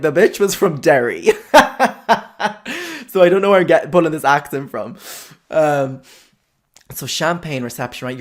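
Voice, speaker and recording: A man, a podcast host telling a comic story in an exaggerated, sweary, animated way. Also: medium pitch.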